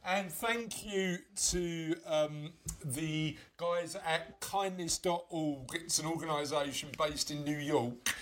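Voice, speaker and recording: Brief: male podcast host, slightly high voice, chatty and rambling, faint background noise. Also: slow, a bit bright. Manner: rambling, chatty, lots of fillers and restarts. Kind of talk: casual chat.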